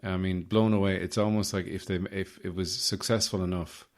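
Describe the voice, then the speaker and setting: Field: low-voiced man, rambling comic host. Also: little pitch movement, normal speed. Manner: rambling, self-mocking, joking asides. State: slightly rough from waking. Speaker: podcast host. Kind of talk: improvised comic monologue.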